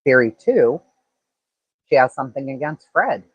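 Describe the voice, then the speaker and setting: A man's voice: mid-range voice, sing-song, normal speed, breathy edge, no echo, lo-fi sound. A man hosting a true-crime livestream, talking casually and thinking aloud with lots of fillers and restarts.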